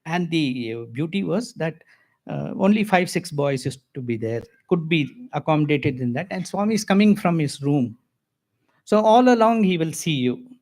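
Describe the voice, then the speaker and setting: An older spiritual speaker with an Indian accent gives a devotional talk packed with personal stories. He is lively, with chuckles and asides, and his voice sits on the high side at a normal speed.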